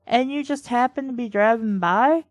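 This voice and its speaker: A woman's voice: on the high side, moderate pace, dry recording, lightly acted. A woman voicing a blunt, sarcastic female police lieutenant while reading a novel aloud, her lines dry and curt.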